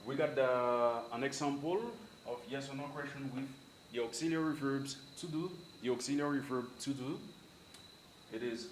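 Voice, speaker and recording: A man's voice: mid-range voice, fairly even intonation, moderate pace. A man whose first language is Spanish, teaching English in a casual way and repeating each example sentence. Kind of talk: bilingual English lesson. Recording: echoey room, faint background noise.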